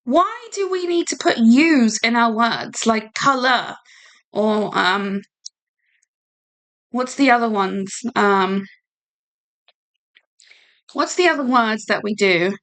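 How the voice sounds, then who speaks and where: A woman's voice: on the high side, takes it slowly, pauses often, a bit bright. A British woman hosting a casual livestream, chatty and rambling with a giggle and lots of fillers. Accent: British English. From United Kingdom. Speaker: livestream host.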